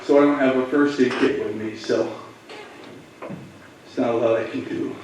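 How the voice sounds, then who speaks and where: Male police officer, mid-pitched, halting and emotional storyteller, picked up from across a big echoey room. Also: steady tone, distant mic, background noise. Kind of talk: personal story told to students.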